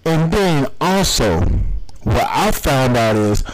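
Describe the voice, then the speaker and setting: An American man records a solo podcast episode as a furious, cursing rant. His voice sits at an ordinary middle pitch, and he hammers his points in a heated, confrontational way. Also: sing-song, slow, poor audio. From United States. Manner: heated, profane ranting. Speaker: podcast host.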